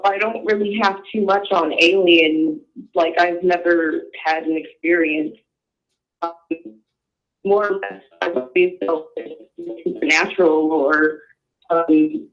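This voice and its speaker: A man calling in to a talk show, speaking frankly and haltingly, with casual swearing. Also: high-pitched, a bit bright. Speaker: caller. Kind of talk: casual call-in chat. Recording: muffled internet call with faint music.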